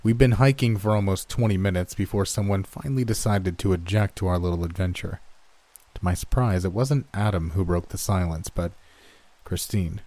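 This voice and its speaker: Deep-voiced man narrating a horror story. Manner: steady, measured storytelling.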